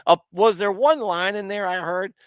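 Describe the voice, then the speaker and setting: A man's voice: high-pitched, moderate pace, clean tone, no room sound. A man hosting a livestream, commenting on scripture in a rambling, self-deprecating way and chatting with viewers. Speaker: Bible commentary livestream host.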